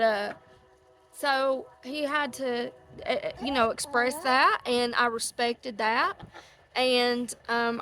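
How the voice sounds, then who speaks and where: On the high side, bright and forceful, a middle-aged woman's voice leads a casual outdoor chat near ducks, which can be heard quacking. As host before a live audience, she rambles and is easily sidetracked.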